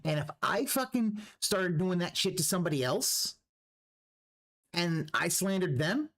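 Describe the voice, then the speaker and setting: Man, livestream reaction, profane ranting, very lively pitch, restarts sentences. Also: measured pace. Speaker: streamer.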